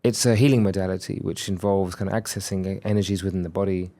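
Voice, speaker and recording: Fast-talking and mellow, this thirtysomething podcast guest speaks in a fairly low, fairly evenly intoned voice. He reflects candidly on a personal story and slips into performing the quoted lines of the people involved.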